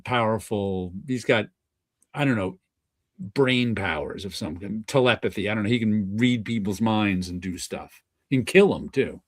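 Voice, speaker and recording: A man's voice: medium pitch, no echo, clean studio sound. Rambling man hosting a comics stream. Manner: rambling, chuckling, many restarts. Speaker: host of a comic book stream. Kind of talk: casual livestream chat.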